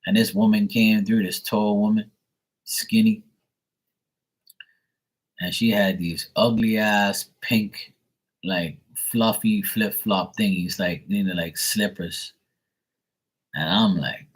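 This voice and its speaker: Husky deep-voiced man rambling. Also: steady tone, slow pace, pauses often, poor audio. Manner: rambling, profane, with many fillers. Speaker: live stream tarot reader. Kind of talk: casual livestream chat.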